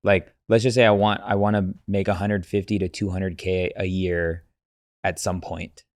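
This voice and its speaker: A man's voice: sits low, flat delivery, moderate pace, darkish tone, no room sound, studio quality. A man hosting a podcast interview, curious and informal, asking follow-up questions. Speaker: podcast host. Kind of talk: casual interview chat.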